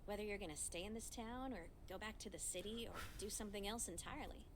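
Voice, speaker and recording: Brief: actress as a teasing, forward game love interest, even middle pitch, faint noise. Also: female voice, fast talker, lightly acted. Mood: flirty.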